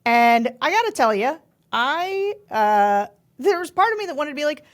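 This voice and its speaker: A woman co-hosting a podcast, telling stories in a chatty, animated way and laughing often. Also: sits high, normal speed. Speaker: podcast co-host. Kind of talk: casual political chat.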